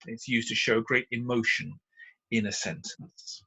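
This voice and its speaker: A British man gives a recorded punctuation lesson in a patient, explanatory way, pausing often on "uh" as he walks through each slide. His voice has a slightly husky edge and sits at a middling pitch. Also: fairly even intonation, pushed and bright, low-quality recording. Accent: British English. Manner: patient, explanatory, frequent "uh" fillers. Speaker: teacher.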